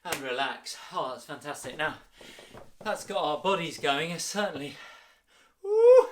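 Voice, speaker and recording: A man leading a children's music workshop, energetic and encouraging, in an upbeat sing-song way. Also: fairly high pitch.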